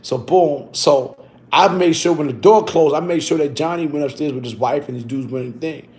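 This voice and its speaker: A man with a slightly higher voice tells a story from his own life in loose street slang. He keeps tagging his lines with "you heard" and trips over his words when he reads aloud from a book. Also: darkish tone. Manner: halting, self-correcting when reading text aloud.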